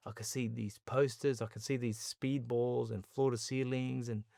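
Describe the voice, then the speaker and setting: An Australian man, a podcast guest, telling his story in an animated way and acting out the people he quotes. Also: mid-range voice, moderate pace, creaky, no room sound, studio quality. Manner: animated storyteller who acts out quoted dialogue. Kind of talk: storytelling interview.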